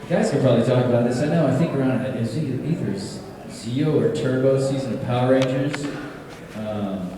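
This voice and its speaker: At a convention panel in a large hall, a voice actor answers fan questions with animated, self-deprecating stories and frequent laughter. His voice is mid-range and fairly quick. The audio is echoey, recorded far from the mic with crowd noise.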